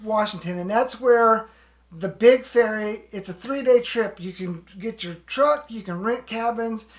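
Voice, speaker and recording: A woman's voice: on the high side, unhurried. A woman casually telling a story in a chatty, rambling way, with frequent restarts. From living in Alaska. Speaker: co-host.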